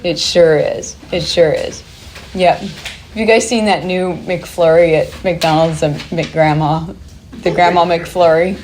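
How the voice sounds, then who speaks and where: Woman, workshop presenter; lowish voice, chatty and upbeat, faint noise under her. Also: steady tone, takes it slowly, darkish tone. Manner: chatty, upbeat, laughs easily. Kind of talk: workshop talk to a live group.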